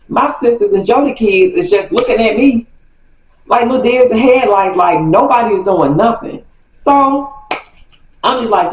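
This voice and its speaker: Animated woman telling a story. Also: on the high side, moderate pace, a little hiss or hum. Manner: animated storyteller, acts out quotes. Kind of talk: casual storytime. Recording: roomy, distant mic.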